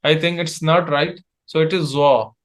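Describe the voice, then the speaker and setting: A man teaching letters one by one, speaking slowly and patiently. His voice sits a little high, and his English is halting as he repeats each sound for his student. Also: steady tone. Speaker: Arabic tutor. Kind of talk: one-on-one online language lesson.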